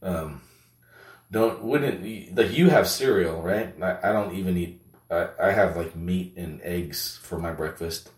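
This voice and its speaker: A man with a low voice hosts a loose, comedic monologue, rambling through "you know"s and heavy profanity. The recording is roomy and echoing, and the mic sits some distance away. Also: measured pace. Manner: rambling, heavy swearing, filler-laden. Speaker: show host.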